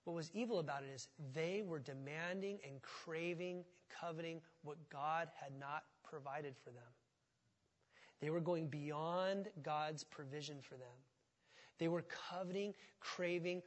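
A man preaching a sermon as pastor, animated and acting out quotes in mocking voices. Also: fairly high pitch, unhurried, in a large hall.

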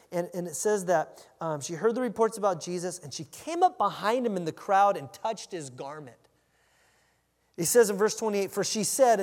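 A man preaching a conversational sermon, acting out the scene as he teaches. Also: high voice. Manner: animated, conversational, acts out the scene. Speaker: pastor. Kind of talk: expository sermon. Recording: long hall reverb.

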